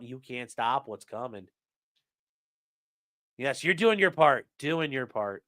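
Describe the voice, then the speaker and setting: A young man chatting on a live stream, rambling and swearing as he reacts to chat. His voice is bright and lively, swinging up and down in pitch. The sound is close and dry at a desk mic. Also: dry recording. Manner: rambling, profane, reads chat aloud. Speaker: streamer and trial lawyer.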